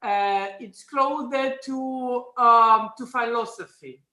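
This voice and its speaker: A woman speaking as a guest in a panel discussion, measured and pausing to choose her words. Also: fairly high pitch, sharp tone. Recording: echoey room.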